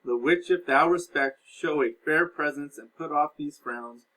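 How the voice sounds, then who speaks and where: A stern older lord of the house, as a teacher puts him on, his voice raised high and loud as he lays down the law. He sounds commanding and emphatic, reading from an old play in a classroom recap. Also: a little slow, poor audio.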